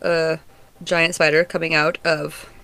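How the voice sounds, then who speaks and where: Playful bright-voiced woman podcaster. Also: low-pitched, little pitch movement, a little slow, clear, resonant tone. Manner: playful, jokey, rambling. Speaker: podcast co-host. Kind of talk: casual podcast chat.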